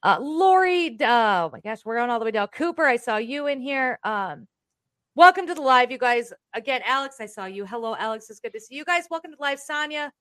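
A Texan woman hosting a live stream, talking loud and brash, swearing freely in casual chat. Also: on the high side, expressive, a little fast. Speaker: live show host.

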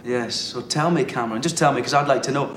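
An actor playing a snide young man who cuttingly mocks a would-be flatmate in a film scene. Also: mid-range voice, fast, reverberant, slight background noise, close to an everyday voice. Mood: sneering. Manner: cutting, mocking, superior. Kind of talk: film dialogue.

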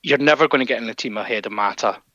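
Man, co-host, bright jokey chat, dry, dull lo-fi recording. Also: mid-range voice, rapid-fire, no echo. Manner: jokey, laughs easily. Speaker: podcast co-host. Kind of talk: casual chat. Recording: dull lo-fi sound.

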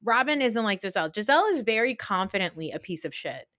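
A woman's voice: mid-range voice, sing-song, fast, a bit bright. A woman co-hosting a podcast who chats casually about reality TV, swearing bluntly and using lots of fillers. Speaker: podcast co-host.

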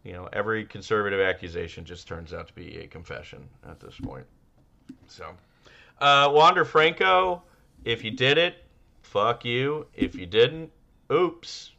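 A man's voice: low voice, normal speed, vocal fry, highs cut off. A man co-hosting a casual comedy podcast, telling stories and acting out the quotes. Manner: animated storyteller, acts out quotes. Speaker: podcast co-host.

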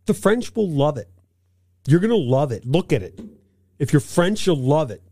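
A man's voice: a little high, very animated, normal speed, mellow, dry recording. A man co-hosting a casual car-news podcast, reading out news items and making playful asides. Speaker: podcast co-host.

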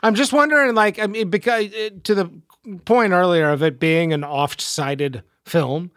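Man, fairly high voice, dry sound, curious, casual podcast chat. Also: moderate pace, fairly bright tone, smooth, dry recording. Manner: curious, asks questions.

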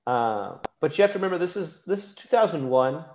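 A man co-hosting a casual movie podcast, explaining his view in a measured way. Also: a little high, big pitch swings, darkish tone. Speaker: podcast co-host. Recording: roomy echo.

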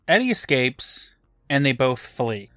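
Deadpan man recapping a show. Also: mid-range voice, a little slow, background noise. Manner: dry, deadpan recapping with jokes. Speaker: podcast co-host recapping episode. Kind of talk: casual recap chat.

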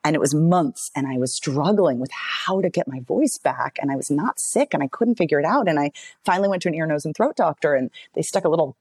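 A woman in her thirties, a voice coach and author, talking in a relaxed interview and telling stories with lively swings in pitch. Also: a little fast, slightly rough, dry recording. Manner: animated storytelling, wide pitch swings, expressive. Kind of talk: casual interview conversation.

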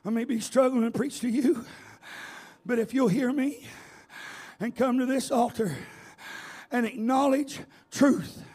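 Revival preacher, high-pitched male voice, slow shouted delivery. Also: breathy edge. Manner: shouting, chanting repeated phrases. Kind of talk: revival sermon.

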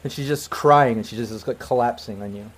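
Spielleiter mit lockerer Erzählweise. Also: male voice, medium pitch, fairly quick, slight background noise. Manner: relaxed, filler-heavy narration. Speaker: game master. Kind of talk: narrating a tabletop game.

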